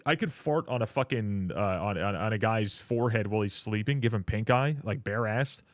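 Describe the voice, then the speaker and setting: A man's voice: on the low side, moderate pace, no echo, studio quality. A young man streaming live, ranting to his chat in a blunt, profane way and mocking other people in put-on voices. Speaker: livestreamer.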